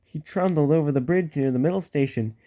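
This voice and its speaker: A man's voice: fairly high pitch, a little fast, mellow. A man reading a children's storybook aloud, casual, with joking asides and small stumbles. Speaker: storybook reader.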